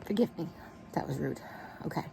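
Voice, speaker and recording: Casual woman vlogger, lower voice, rambling and warm toward her viewers, recorded in bed on an earbud mic. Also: a little fast, creaky, a little hiss or hum. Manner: chatty, rambling, affectionate. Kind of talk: casual chat to camera. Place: bedroom, in bed. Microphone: wireless earbud mic.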